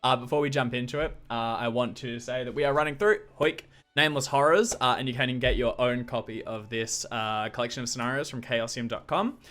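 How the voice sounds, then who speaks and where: Man, stream co-host, halting, lots of uh, casual intro. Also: medium pitch, a bit bright. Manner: halting, many filler sounds.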